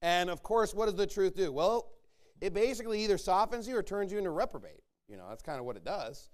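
A man's voice: high-pitched, lively intonation, fast talker. A man preaching a sermon to his church, emphatic and repetitive as he rallies his listeners.

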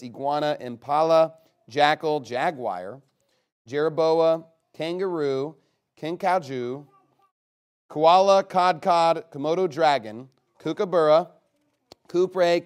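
A man leading a guessing game with a live group, reading out a long list in a chatty, upbeat way with quick asides. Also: fairly high pitch, clear, resonant tone.

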